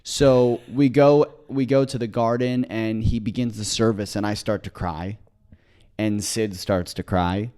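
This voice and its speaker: A man co-hosting a podcast, telling a long story in an excited, rambling way, with many restarts. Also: on the low side, measured pace, smooth. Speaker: podcast co-host. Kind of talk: casual storytelling chat.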